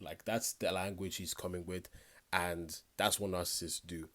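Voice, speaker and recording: A man's voice: low-pitched, level tone, normal speed, a bit bright. A man giving reaction commentary, talking bluntly and directly to the viewer in a conversational way.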